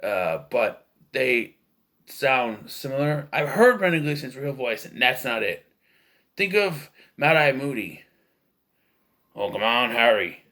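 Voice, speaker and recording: A man's voice: mid-range voice, big pitch swings, measured pace, bright, forceful tone. A man giving a casual, rambling, opinionated film review, full of fillers and restarts. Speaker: movie reviewer.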